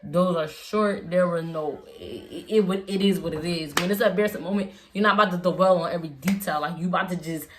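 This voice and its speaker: A young woman vlogger rambling through a casual storytime, thick with slang, fillers and restarts. Her voice sits a little low for a woman, and there is a faint hiss behind her. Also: a little fast, hardly any pauses.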